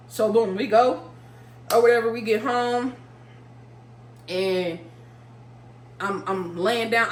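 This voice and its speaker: A young woman vlogger telling a story casually, animated and profane, throwing in vocal sound effects. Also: medium pitch. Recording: roomy room with faint hum.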